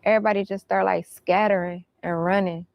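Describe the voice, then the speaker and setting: A woman's voice: mid-range voice, fairly even intonation, a little fast, vocal fry, highs cut off. A woman recounting events in casual storytelling, blunt and profane.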